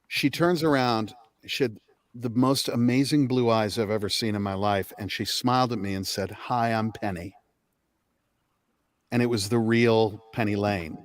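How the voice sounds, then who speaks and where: Middle-aged man telling lively anecdotes. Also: mid-range voice, moderate pace. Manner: animated anecdotes, casual swearing. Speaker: guest. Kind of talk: casual storytelling chat.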